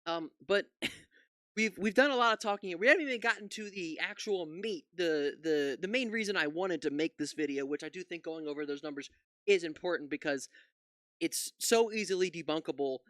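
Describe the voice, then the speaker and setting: A man's voice: on the high side, moderate pace, a bit bright, no echo, clean studio sound. A man giving reaction commentary on a news clip, ranting with profanity and incredulous outbursts. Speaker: political commentary YouTuber.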